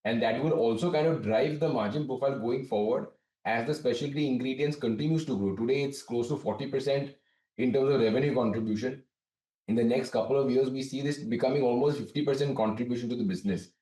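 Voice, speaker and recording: Company director explaining, distant roomy sound. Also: male voice, medium pitch, mellow. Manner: measured, explanatory, frequent restarts. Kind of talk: business interview answers. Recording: distant, roomy remote link.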